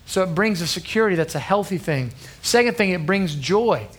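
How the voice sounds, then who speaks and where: A youth pastor in his thirties preaches to a youth group in a slightly high, husky voice with lively intonation. His delivery is earnest and conversational, and he often pauses to check in with the crowd.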